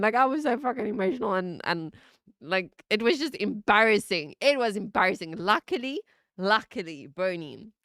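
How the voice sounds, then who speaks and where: Animated woman in her thirties, dry sound. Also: no room sound. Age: 30s. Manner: animated, laughing, swearing, lively pitch jumps. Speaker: streamer. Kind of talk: casual storytelling chat.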